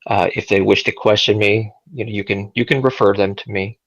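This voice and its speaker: Gravelly, low-voiced man. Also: steady tone, brisk, a bit bright. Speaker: player. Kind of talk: in-character tabletop role-play. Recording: dull lo-fi sound.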